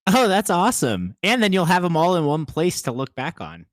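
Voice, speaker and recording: A man's voice: sits high, very animated, normal speed, dry recording. Laid-back, self-mocking male podcaster. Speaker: podcast co-host. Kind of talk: casual podcast chat.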